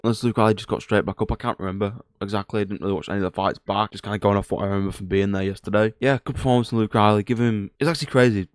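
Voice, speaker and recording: A man's voice: lowish voice, dry recording, clean studio sound. A young man from Northern England with a Northern English accent, giving a blunt, slangy, opinionated recap of fight results in a casual chat. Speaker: MMA commentator.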